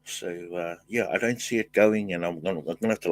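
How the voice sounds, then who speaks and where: An older man hosting a casual livestream, thanking viewers and reading their comments, talking in halting bursts with many fillers and restarts. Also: sits low, dry recording. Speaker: livestream host.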